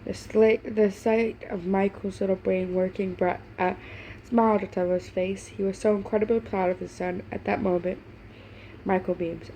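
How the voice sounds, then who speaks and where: A woman's voice: fairly low pitch, level tone, moderate pace, dark tone, slight background noise, low-quality recording. A woman reading fan fiction aloud, stumbling over words, doing voices for the characters and stopping now and then to react. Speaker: fanfiction reader.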